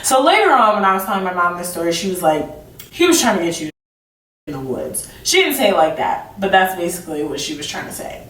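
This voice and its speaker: A young woman vlogger with a mid-range, slightly bright voice tells a storytime in a chatty, goofy way, saying "like" constantly and calling herself awkward and goofy. A distant mic gives the audio a roomy sound.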